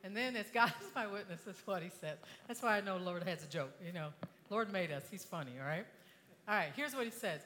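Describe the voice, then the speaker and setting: An older woman with a drawl speaks to an audience, her voice bright and forceful. She swings from hushed, intimate tones to impassioned cries. She is heard from a distance in a large hall, over a faint background hiss. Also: medium pitch, lively intonation, fairly quick. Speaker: inspirational speaker. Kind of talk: motivational talk to an audience.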